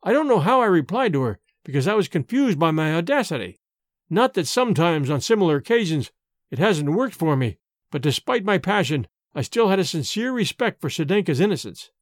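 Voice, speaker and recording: A man's voice: fairly high pitch, a little fast, dry recording, clean studio sound. A man giving a dramatic audiobook reading of a gothic story, voicing the characters' lines with feeling. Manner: expressive, voices the characters' lines.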